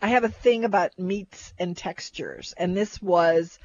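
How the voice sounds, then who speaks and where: A woman's voice: lowish voice, a little slow, a little hiss or hum. An older woman talks food in a loose, rambling way, restarting her sentences and circling back as she goes. The recording sounds dull and lo-fi. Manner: chatty, rambling, restarts often. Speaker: co-host. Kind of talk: casual chat about food.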